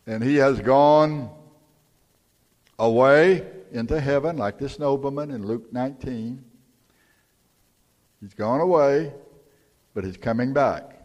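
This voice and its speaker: An older male pastor preaching in a homey, storytelling way, his pitch sitting in an ordinary middle range. He moves between earnest appeals and down-to-earth anecdotes. His voice rings out in a long reverb in a church sanctuary. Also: darkish tone. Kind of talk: sermon.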